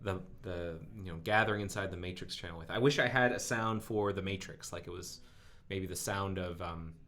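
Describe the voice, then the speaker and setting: A man's voice: low voice, a little fast, sharp tone. A man hosting a live coding stream, thinking aloud as he works through code with frequent ums. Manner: musing and self-narrating, with frequent ums.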